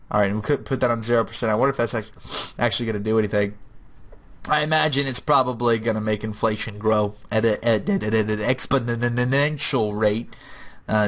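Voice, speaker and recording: A man's voice: on the high side, a bit bright. A young man giving casual, rambling gameplay commentary, chatty and jokey.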